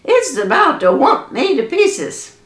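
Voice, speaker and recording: A woman's voice: high-pitched, very animated, slow, pitched above the performer's own voice, heavily acted. A woman voicing a frantic old mountain granny who hollers in panic. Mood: panicked. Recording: echoey room.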